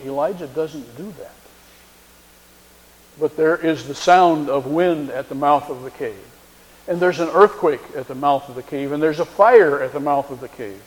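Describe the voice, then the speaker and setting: In a large hall's long reverb, a man with a fairly high, slightly mellow voice preaches a sermon. The pastor retells a story and performs the quoted lines in changing voices.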